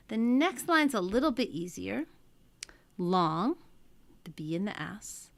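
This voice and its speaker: A woman's voice: mid-range voice, very animated, a little slow, creaky, pauses often, no room sound. A woman teaching a lesson, talking methodically through each step. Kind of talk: classroom lecture.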